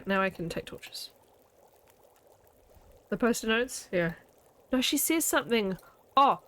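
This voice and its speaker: A woman game streamer with a lowish, creaky voice chats casually with her viewers while playing a video game. She's playful and laughs often.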